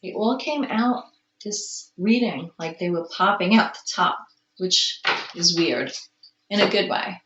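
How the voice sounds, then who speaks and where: Slow, musing woman reading tarot cards. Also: fairly low pitch, reverberant, dull audio, slight background noise. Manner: slow, musing and gushing, with soft exclamations. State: clearing her throat from allergies. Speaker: tarot card reader. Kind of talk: casual tarot reading to camera.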